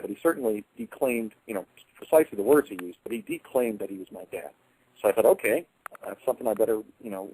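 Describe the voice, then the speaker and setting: Man with a husky, dry voice. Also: mid-range voice, darkish tone, no echo, poor audio. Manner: restarts and self-corrections, acts out quoted voices. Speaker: speaker recounting personal experiences. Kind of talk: rambling first-person storytelling.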